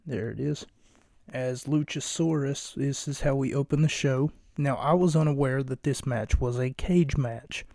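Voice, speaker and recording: A man hosting a casual solo wrestling podcast late at night, talking in a hushed, jokey, rambling way from a home recording space. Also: mid-range voice, measured pace, creaky, no echo, clean studio sound. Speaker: podcast host.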